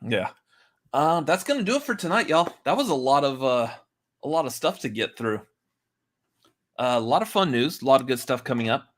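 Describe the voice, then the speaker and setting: Guy hosting a movie podcast, rambly and chatty, mid pitch. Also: very animated, brisk. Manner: rambling, chatty, laughs often. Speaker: podcast host. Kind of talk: casual chat.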